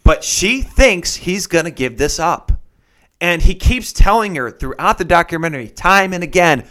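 A man's voice: sits high, normal speed. A man in casual chat, retelling a story animatedly and acting out the people he quotes. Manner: animated storyteller who acts out quotes in shifting voices.

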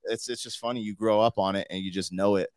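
A man's voice: on the low side, fairly even intonation, fast, a little mellow, no echo, clean studio sound. A man hosting a podcast in loose, slangy casual chat, full of "like" and "you know.". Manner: loose and slangy, full of 'like' and 'you know'. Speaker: podcast host.

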